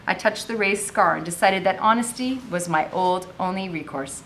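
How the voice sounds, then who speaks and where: A woman's voice: mid-range voice, animated, normal speed, few pauses, a bit bright, slight background noise. A woman teacher reading a novel aloud with commentary, raising her voice expressively for the dialogue.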